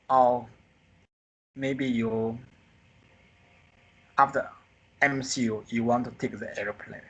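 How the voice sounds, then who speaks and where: A man teaching a beginner Mandarin class on a video call, acting out the four tones with drawn-out sighs, in simple non-native English. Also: mid-range voice, steady tone, breathy edge, dull audio. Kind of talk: live online group lesson. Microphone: computer mic on a video call.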